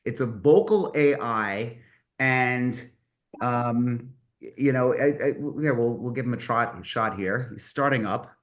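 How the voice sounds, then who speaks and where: On a casual online call, a mastermind host in his fifties speaks in an unhurried, mid-range voice. He's enthusiastic and rambling, frequently stopping to correct himself.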